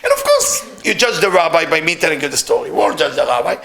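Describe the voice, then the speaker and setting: Animated storyteller with gravelly voice. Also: male voice, fairly high pitch, fast talker. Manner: broken English, animated storytelling. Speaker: Kabbalah teacher. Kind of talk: storytelling lesson.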